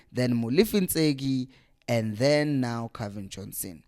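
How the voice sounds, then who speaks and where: A man's voice: medium pitch, expressive, a little slow, darkish tone. A young man hosting a fan channel, ranting with exasperation and hammering rhetorical questions. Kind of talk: passionate fan rant to camera.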